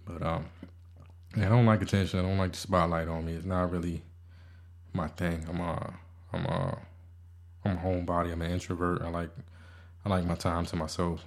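Male podcast host, very low voice, rambling, stammering, self-deprecating. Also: little pitch movement, moderate pace, pauses often. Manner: rambling, stammering restarts, frequent swearing. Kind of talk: casual podcast monologue.

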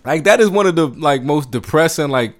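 A man from Washington, D.C. telling a story in casual, laid-back chat, profane and animated. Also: a little high, a little fast.

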